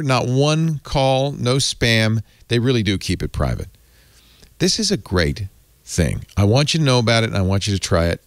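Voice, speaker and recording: Animated male podcast host, dry sound. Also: medium pitch, no echo. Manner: chatty, animated, rambling with restarts. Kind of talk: casual tech podcast chat and live ad read.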